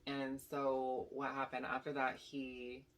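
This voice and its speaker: A woman's voice: a bass voice, takes it slowly. Rambling young woman telling a storytime. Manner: animated, rambling, full of "like" and "basically". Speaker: YouTube storyteller. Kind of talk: casual storytime monologue.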